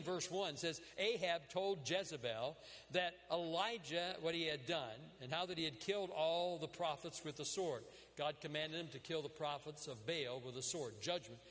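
A man's voice: on the high side, a bit bright, in a large hall. A man preaching a sermon, retelling scripture stories in an earnest way and acting out the quoted prayers with drama. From United States.

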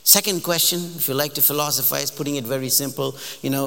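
A man preacher delivering a sermon with animated, emphatic storytelling in a large church hall. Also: medium pitch, fast, creaky. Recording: long hall reverb.

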